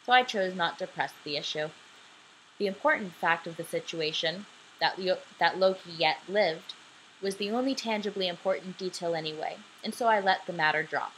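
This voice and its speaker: A young woman in her twenties reads a story aloud at home late at night, sleepy and relaxed, with chatty asides. Her voice is on the low side. A laptop mic catches her along with a faint hiss. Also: normal speed, rough recording. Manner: sleepy, casual and apologetic between passages. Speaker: audiobook reader. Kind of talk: homemade audiobook reading with chatty asides. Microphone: laptop microphone.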